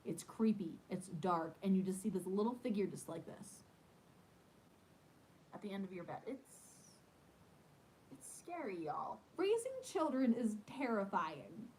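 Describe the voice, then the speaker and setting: A woman in her thirties, a podcast host, chatting casually and telling animated stories with lots of "like". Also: mid-range voice, a little slow, a little hiss or hum, poor audio. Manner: chatty, animated storytelling with many "like"s. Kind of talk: casual chat.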